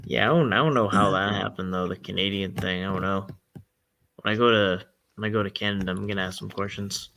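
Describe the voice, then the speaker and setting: A man's voice: low-pitched, fairly even intonation, a little fast, sharp tone, slight background noise. A young man from Massachusetts co-hosting a podcast in casual chat, rambling through tangents and laughing often.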